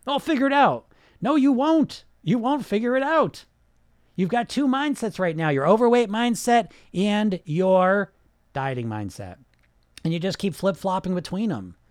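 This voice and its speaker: Male podcast coach, high animated voice, brash and profane, mocks listeners' excuses. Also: no room sound, studio quality. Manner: blunt, profane, fires rhetorical questions. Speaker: weight loss coach and podcast host. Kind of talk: casual podcast monologue.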